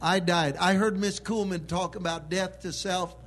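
Man, preacher, high voice, emphatic sermon delivery. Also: steady tone, moderate pace. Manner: emphatic preaching that swells into loud proclaiming.

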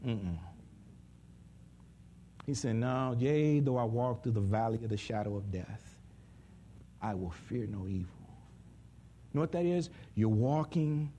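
A man preaching a sermon in an animated way, jumping from loud high bursts to hushed asides, with speech. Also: a little hiss or hum.

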